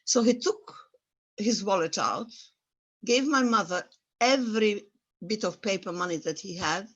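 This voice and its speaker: Elderly woman from former Yugoslavia, husky. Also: mid-range voice, expressive, a little slow, lo-fi sound. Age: 80s. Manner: emotional, vivid storytelling with searching, non-native phrasing. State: stirred up by memories. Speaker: Holocaust survivor guest speaker. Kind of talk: personal testimony at an online talk.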